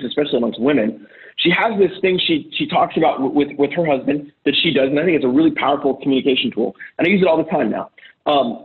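A man giving casual relationship advice to other men, blunt and profane, acting out heated arguments in quoted lines. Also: fairly high pitch. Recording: phone-like lo-fi audio.

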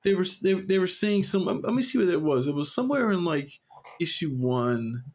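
A man's voice: sits high, brisk. A man co-hosting a podcast in casual chat, rambling with many fillers and restarts, and acting out quoted lines. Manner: animated, acts out quoted voices. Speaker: podcast co-host.

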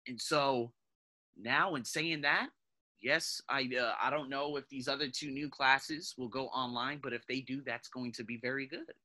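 Bright-voiced man talking to listeners. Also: mid-range voice, normal speed. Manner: animated, talks to listeners as "guys", restarts and self-corrections. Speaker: podcast host. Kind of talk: casual motivational monologue.

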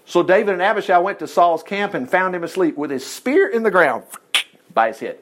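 A man preaching a folksy, animated sermon, reading scripture, acting out the quoted lines and laughing often. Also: high voice, a little fast, a little hiss or hum.

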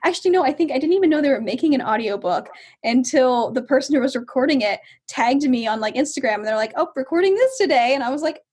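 A woman author as a guest in an interview, chatty, laughing often and acting out quotes in lively asides. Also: high-pitched, fast, few pauses, husky. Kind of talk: casual interview chat.

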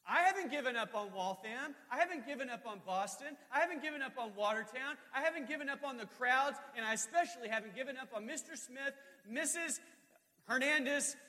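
A man's voice: extremely high pitch, pushed and bright, pitched above the performer's own voice, exaggerated voice. A man preaching voices God as an all-knowing, insistent divine figure, with fervent, emphatic declarations in an echoey hall.

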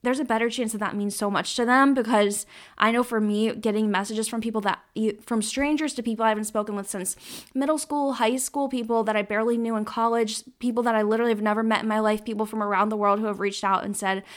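A young woman hosts her own podcast solo, her slightly high voice holding a steady tone at a quick pace. She rambles heartfelt thoughts packed with fillers and sounds tearful, close to crying, throughout the monologue.

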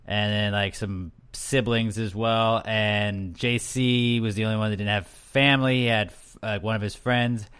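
A man's voice: fairly low pitch, fairly even intonation, normal speed, hardly any pauses, fairly bright tone, clear, resonant tone. Rambling young man hosting a podcast. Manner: rambling, loose, joking, full of fillers. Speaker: podcast host. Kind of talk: casual recap chat.

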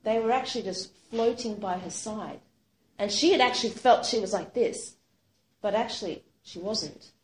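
A woman recounts a story in an animated, casual way, leaning on fillers as she goes. Her voice echoes around a roomy space, with a faint hum behind it. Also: medium pitch, moderate pace. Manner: animated retelling, frequent fillers like "sort of". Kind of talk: spoken storytelling. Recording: roomy echo.

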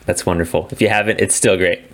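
Man, low voice, laid-back gaming podcast co-host, chatty and rambling. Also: fast. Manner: relaxed, rambling, laughs often. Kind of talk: casual gaming chat.

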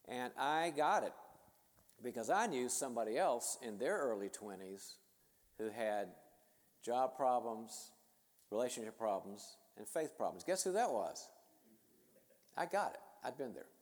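A middle-aged man gives an animated talk on stage, mixing advice with personal stories and poking fun at himself. His voice sits in a middle register. A long hall reverb trails every phrase. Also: medium pitch, a little slow. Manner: conversational, self-deprecating, animated storyteller. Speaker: speaker and author addressing leaders. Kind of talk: conference talk with personal storytelling.

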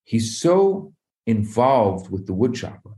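A man, a rabbi, telling a parable in an animated sermon, acting out the voices of its characters. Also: lowish voice, slow. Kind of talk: storytelling sermon.

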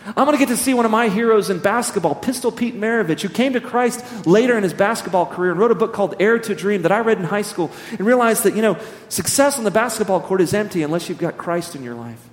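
A man preaching a sermon, telling stories in an animated, humorous way. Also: high-pitched, fast talker, few pauses. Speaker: pastor. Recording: echoey hall reverb.

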